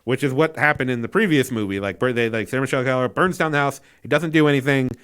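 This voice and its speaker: A man's voice: medium pitch, quick pace, fairly bright tone, clean tone. A man giving a casual spoken movie review, incredulous and exasperated, rambling with fillers and restarts and swearing freely.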